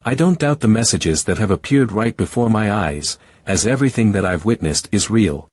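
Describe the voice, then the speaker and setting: A man giving a first-person story recap narration in a steady, even reading. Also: fairly low pitch, normal speed, no room sound.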